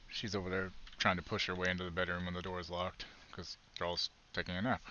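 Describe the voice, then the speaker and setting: A man's voice: sits low, level tone, fast talker, pushed and bright. A man streaming a game, chatting casually and musing aloud while he plays. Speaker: gaming streamer. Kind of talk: casual live stream chat. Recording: dull sound with faint noise.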